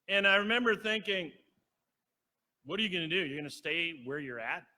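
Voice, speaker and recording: Preacher, male, high and very bright, conversational storyteller. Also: lively intonation, a little fast. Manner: storytelling, acts out quoted voices, asks the congregation. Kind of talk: conversational sermon. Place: church sanctuary.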